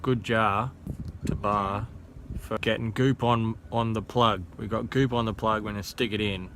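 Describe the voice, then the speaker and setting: A man's voice: lowish voice, steady tone, a little slow, noisy background. An Australian man who is sick with a sore throat chats casually while working under a car, full of dry, joking sarcasm. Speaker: home mechanic vlogger.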